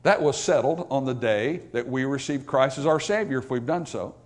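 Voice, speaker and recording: A man preaching a sermon, emphatic, rising to loud, raised passages and dropping to quiet asides, reading scripture in old-fashioned wording. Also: medium pitch, lively intonation, moderate pace.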